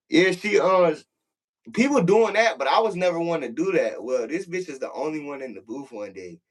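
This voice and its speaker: A man telling a prison story in casual, profane talk, acting out the voices in the quotes. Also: fairly low pitch.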